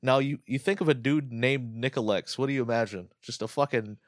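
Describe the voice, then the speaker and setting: A man's voice: mid-range voice, no room sound, studio quality. A man telling crude, joking stories in casual chat with a co-host. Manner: crude, joking, fast storytelling. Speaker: podcast co-host.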